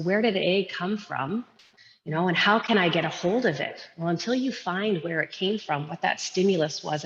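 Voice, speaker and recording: Low-voiced woman yoga teacher, echoey room. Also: vocal fry. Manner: earnest, reflective, with frequent fillers. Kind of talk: casual interview talk. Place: her yoga studio. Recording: dull lo-fi sound with long echoey reverb.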